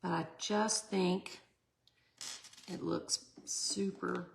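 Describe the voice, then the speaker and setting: Chatty woman with a gravelly edge. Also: on the low side, steady tone, extremely slow, background noise. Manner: chatty, laughs often, talks to viewers. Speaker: resin art tutorial host. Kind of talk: casual livestream craft tutorial.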